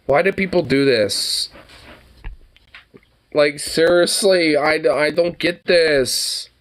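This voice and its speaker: A man giving casual, animated reaction commentary on gun videos, swearing often and laughing at the clips. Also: fairly high pitch, slow pace, slight background noise.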